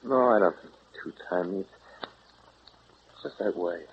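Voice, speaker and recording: An actor in 1930s radio acting, playing a steady, plain-spoken man with a calm, drawling way of talking, on a hissy vintage broadcast. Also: sits low, a little slow, highs cut off. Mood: gentle.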